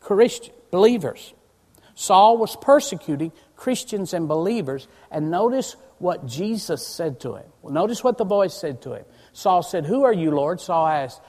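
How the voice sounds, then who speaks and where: A man's voice: high voice, expressive, measured pace, a little mellow. A man preaching a sermon, emphatic and asking his congregation questions. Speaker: pastor. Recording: long church reverb.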